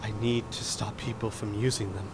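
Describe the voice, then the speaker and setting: A man voicing a small, desperate female fairy in a tabletop game, speaking quietly and earnestly. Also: on the low side, steady tone, normal speed, noisy background, lightly acted.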